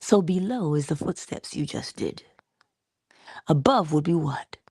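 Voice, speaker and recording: A woman giving a conversational motivational talk, coaching her listener and dropping into soft whispers for emphasis. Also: low-pitched, lively intonation, measured pace, husky, no echo, studio quality. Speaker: inspirational speaker.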